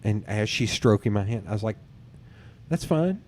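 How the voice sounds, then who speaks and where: Low, mellow-voiced man telling stories. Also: fast. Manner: animated storyteller who acts out others' lines, swears casually. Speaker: podcast host. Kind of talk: casual chat, telling personal dating stories.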